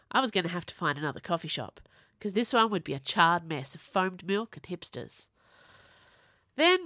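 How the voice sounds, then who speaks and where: Woman author narrating her novelette, wry and lively, lowish voice, close dry podcast mic. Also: dry recording. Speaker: author reading her own fiction. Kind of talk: audiobook story narration.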